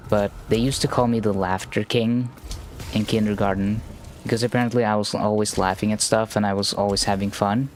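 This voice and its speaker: A man streaming a game live, chatting in a slow, monotone, rambling way with many restarts. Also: lowish voice, slight background noise. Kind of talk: casual live-stream chat while gaming.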